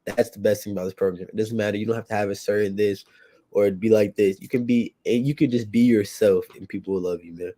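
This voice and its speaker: A young man with a mellow, dark voice shares a heartfelt testimony. His talk is casual and slangy, full of repeats and restarts. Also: lowish voice, steady tone, quick pace. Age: young adult. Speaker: youth program participant.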